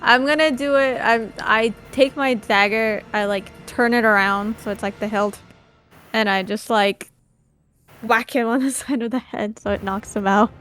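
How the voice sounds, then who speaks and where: A woman's voice: a little high, fairly even intonation, normal speed, a bit bright. A woman describes her character's moves in a casual, hesitant way. Faint music plays behind her. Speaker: player. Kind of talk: casual tabletop play.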